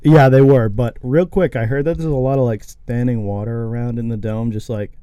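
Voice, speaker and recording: A young man hosts a casual podcast, rambling easily and breaking into laughs. His voice is dark and mellow but smooth and clear. The sound is dry and close to the mic. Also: medium pitch, brisk, no echo. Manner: relaxed, rambling, laughs often. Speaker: podcast host. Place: college-town podcast setup.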